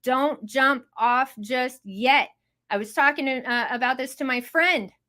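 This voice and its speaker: Brief: woman host, high voice, hyped, exclamatory, chatty, over an online call. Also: unhurried, bright, forceful tone. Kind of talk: casual live audio room hosting.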